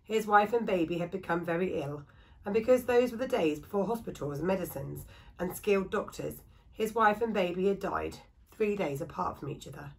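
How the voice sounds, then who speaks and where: Female reader, storybook read-aloud for children, steady and expressive. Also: mid-range voice, vocal fry, rough recording. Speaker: school staff reader.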